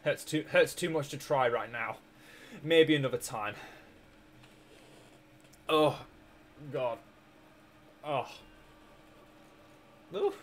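With a sore throat, a young Scottish man chats casually while streaming a strategy game, rambling, joking and laughing often. His medium-pitched voice moves slowly with frequent pauses, and a little hiss or hum is audible.

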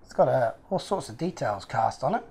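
An Australian YouTuber who restores model cars unboxes toy models on his channel, chatting casually, wandering off topic, and making fun of himself. His mid-range voice is animated and fairly quick, gravelly yet slightly mellow.

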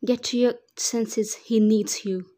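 A woman's voice: fairly high pitch, steady tone, slow, mellow. A woman voicing a cold, ruthless male crime boss, who speaks in curt commands.

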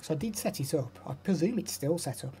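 A man's voice: a little high, animated, fairly quick, mellow, faint music behind. A young man chatting casually on a live stream, rambling and answering chat messages.

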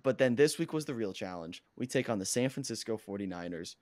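A hoarse man who has lost his voice, co-hosting a casual podcast and bragging excitedly about his football team. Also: fairly low pitch, brisk, dry recording, studio quality. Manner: excitable, boastful sports fan. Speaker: podcast co-host; coach. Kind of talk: casual sports chat.

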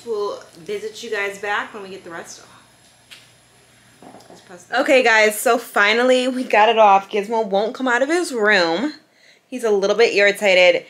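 A young woman vlogging at home in casual chat, chatty and softly coaxing her dog. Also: medium pitch. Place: home room. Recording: echoey room.

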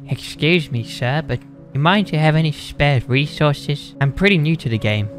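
A man's voice: a little high, lively intonation, moderate pace, over music. A man in game voice chat, speaking in a mock-polite, pleading manner. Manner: mock-polite, begging then threatening. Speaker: player in a group raid.

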